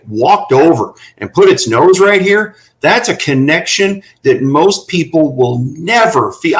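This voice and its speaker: A man's voice: on the high side, a bit bright, rough recording. A middle-aged man telling earnest, folksy stories about working with horses as a guest on a talk panel. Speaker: guest running horse therapy for veterans.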